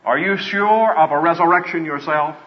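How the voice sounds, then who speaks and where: Male preacher, slightly high voice, earnest sermon delivery, dull lo-fi sound. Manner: earnest, slows down to stress points. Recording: dull lo-fi with long reverb.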